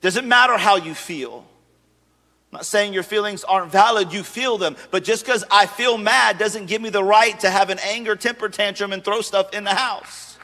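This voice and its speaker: A man's voice: high voice, normal speed, pushed and bright. A man in his thirties preaching a sermon as a pastor, conversational and humorous, slipping into acted asides. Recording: long reverb of a large hall.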